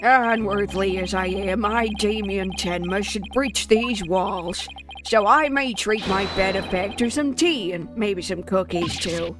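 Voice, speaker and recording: A woman's voice: mid-range voice, a little slow, music in the background, close to an everyday voice. A woman voicing a pompous, fussy male mayor who talks in flowery, grand phrases while reading a game aloud. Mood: grandiose.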